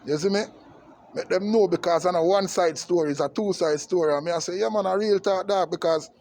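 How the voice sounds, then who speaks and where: High-voiced Jamaican man ranting emphatically. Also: a little fast, darkish tone, slight background noise. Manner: emphatic and repetitive, with frequent tag questions. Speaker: vlogger. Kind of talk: impassioned political rant.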